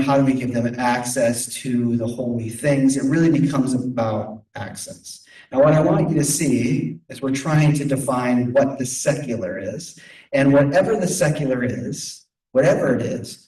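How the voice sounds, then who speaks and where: A man's voice: mid-range voice, darkish tone. A middle-aged man giving a lecture in a conversational, humorous storytelling manner. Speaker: guest lecturer. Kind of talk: lecture with personal stories. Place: lecture room, streamed on video call. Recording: echoey room from a distance.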